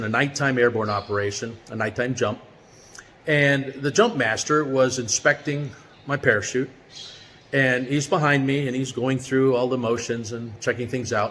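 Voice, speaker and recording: A middle-aged man talks through a personal story in a relaxed, conversational way, with a voice of ordinary pitch for a man. His words ring out with a long reverb, and there is a faint hum of background noise behind him. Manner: relaxed, chatty, many fillers. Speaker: vlogger sharing a weekly quote. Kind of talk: casual motivational storytelling.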